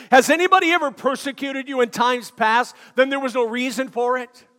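An older male pastor preaching a sermon, telling stories with frequent "uh" fillers and building to shouted emphasis. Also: very high-pitched, fairly quick, few pauses. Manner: storytelling preacher with many "uh" fillers, rising to shouts. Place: church sanctuary. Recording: long hall reverb.

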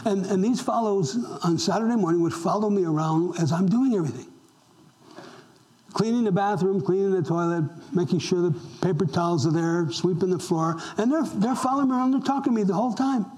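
An older man preaching a sermon to his church, his voice sitting high for a man. He talks in a loose, conversational way and keeps asking the congregation questions as he goes. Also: a little fast, a little mellow, poor audio. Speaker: pastor.

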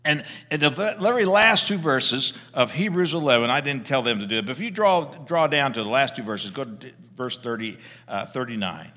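A pastor preaching a sermon, telling stories in a loose conversational way with frequent restarts. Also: male voice, mid-range voice, animated, moderate pace, few pauses, sharp tone, big-room sound. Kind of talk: sermon with storytelling.

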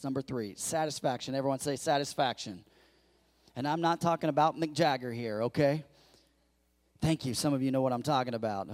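In church, a pastor with a mid-range voice preaches a lively sermon to his congregation. He acts out quoted lines in a raised voice and jokes with the crowd.

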